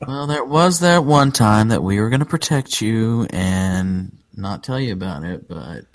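A man with a very low voice trades relaxed, wry jokes in casual podcast banter. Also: a little slow. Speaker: podcast co-host.

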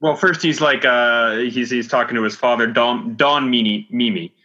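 A man co-hosting a casual film podcast, chatty and quick to add corrections and asides. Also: medium pitch, steady tone, sharp tone. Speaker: podcast co-host. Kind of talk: casual chat about a film. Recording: dull lo-fi audio.

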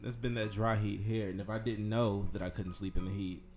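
A man with a fairly low voice co-hosts a casual podcast. He tells his stories in a dry, teasing, laid-back way. Faint music plays softly underneath. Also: flat delivery, brisk. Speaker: podcast co-host. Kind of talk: casual chat.

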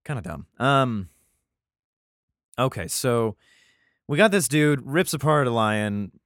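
On his casual Bible reading podcast, this host speaks slowly at medium pitch with big swings in his intonation and a slightly bright tone. He reads passages and breaks off into profane, rambling, exasperated remarks, and the studio-quality audio has no room sound.

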